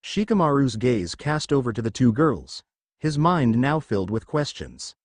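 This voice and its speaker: Lively male fan-fiction narrator. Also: mid-range voice, normal speed, no room sound, studio quality.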